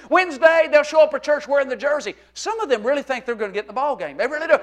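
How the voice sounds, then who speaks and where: High-voiced, animated male pastor. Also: rapid-fire, hardly any pauses. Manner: animated and humorous, jokes with the congregation; swings from quiet talk to shouting. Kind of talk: sermon. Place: church sanctuary.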